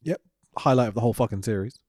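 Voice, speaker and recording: A man's voice: medium pitch, very fast, darkish tone, dry recording, studio quality. A man co-hosting a podcast, recapping wrestling in sweary, sarcastic casual chat and laughing often. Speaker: podcast co-host.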